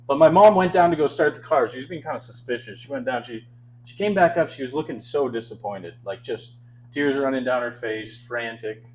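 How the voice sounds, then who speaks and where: A man's voice: mid-range voice, moderate pace, darkish tone, slight background noise, low-quality recording. A man in his twenties from Canada doing a stand-up set on a club stage, telling self-deprecating stories with a wry, chuckling delivery into a handheld mic. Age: 20s. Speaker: stand-up comedian.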